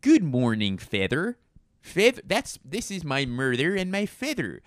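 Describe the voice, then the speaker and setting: A man's voice: a little high, big pitch swings, unhurried, no room sound, clean studio sound, voice pushed up. A man putting on a cheerful, folksy Midwestern man who drawls out friendly greetings. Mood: cheery.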